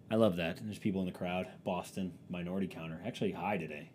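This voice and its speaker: A man's voice: deep voice, brisk, a little mellow, a little hiss or hum. A young man with a stuffy nose from allergies, rambling through a sarcastic, profanity-laced comedic monologue. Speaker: vlogger.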